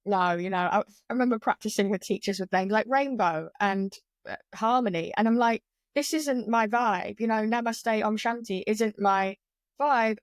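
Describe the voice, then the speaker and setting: A woman talking as a guest on a podcast. She explains things in an animated, candid way and swears casually. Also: medium pitch, moderate pace, dry recording, clean studio sound. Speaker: guest, yoga teacher. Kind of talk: conversational podcast interview.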